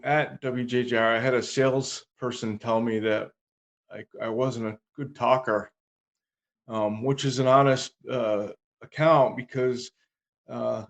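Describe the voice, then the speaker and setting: A man co-hosting a podcast, talking in a steady, reflective, casual way. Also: medium pitch. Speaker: podcast co-host. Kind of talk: casual conversation.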